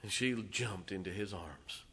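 A male preacher delivering a sermon, retelling a story dramatically with sudden loud swells and hushed drops. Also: deep voice, animated, a little slow, slightly rough.

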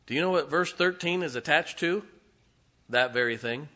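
A middle-aged man preaching a sermon, telling folksy stories and swinging from hushed asides to loud, emphatic lines. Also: fairly high pitch, normal speed. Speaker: pastor.

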